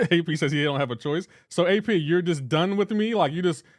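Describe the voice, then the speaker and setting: Young male gamer-streamer, slightly high voice, playful trash-talking banter. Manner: teasing, banter-heavy, breaks into laughter. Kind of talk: casual live-stream chat, reading chat aloud.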